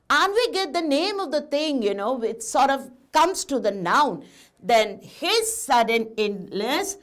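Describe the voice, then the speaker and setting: A woman teaching a grammar lesson, speaking slowly and emphatically and putting questions to her students. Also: high voice, fairly bright tone.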